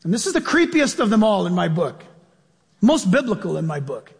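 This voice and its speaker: A pastor preaching a sermon in an animated way, acting out voices and laughing as he goes. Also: sits high, brisk, creaky, slightly rough, in a large hall. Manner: animated, acts out voices and laughs mid-sentence.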